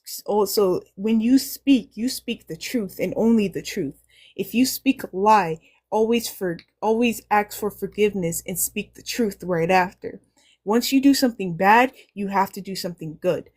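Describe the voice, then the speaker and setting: A woman's voice: mid-range voice, a little mellow. Earnest woman preaching about speaking up. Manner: earnest, preachy, repeats phrases for emphasis. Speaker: panel guest. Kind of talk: casual live-stream panel talk.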